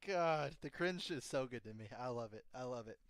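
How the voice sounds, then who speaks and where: A man co-hosting a casual review podcast, animated and laughing, swearing often and acting out scenes he loves. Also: mid-range voice, normal speed, clean tone, no room sound. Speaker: podcast co-host. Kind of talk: casual chat.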